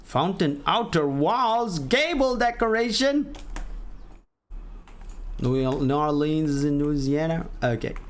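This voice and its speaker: Slow-talking man streamer, rambling. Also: fairly high pitch, very animated. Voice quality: rambling, self-correcting, often laughing at himself. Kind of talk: casual live game-stream chat.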